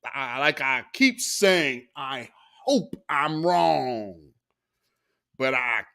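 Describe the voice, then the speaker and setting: A man hosts a casual commentary show, reacting to news clips with frequent laughter. He talks slowly, with a lively pitch that leaps high for emphasis, and often breaks off to restart his thought. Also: creaky. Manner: laughs often, trails off and restarts, riffs on his own asides. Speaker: show host.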